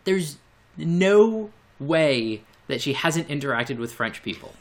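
A man's voice: fairly high pitch, animated, slow pace. A man co-hosting a podcast in casual chat, rambling and hesitant, with frequent fillers and restarts. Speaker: podcast co-host.

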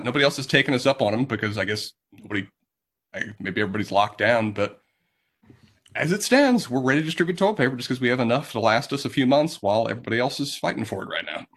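A man's voice: medium pitch, a bit bright. A man, telling a rambling story on a casual podcast. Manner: rambling anecdotal delivery with restarts. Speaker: podcast co-host.

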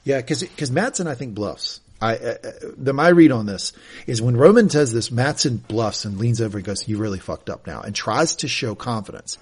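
Podcast co-host, male, husky voice, chatty recap that slips into quoted dialogue. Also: medium pitch, normal speed. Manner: animated, reenacts quotes. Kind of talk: casual recap chat.

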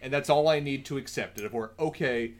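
An easygoing man co-hosting a casual review podcast. He agrees readily and thinks aloud, at an ordinary male pitch. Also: fast. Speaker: podcast co-host.

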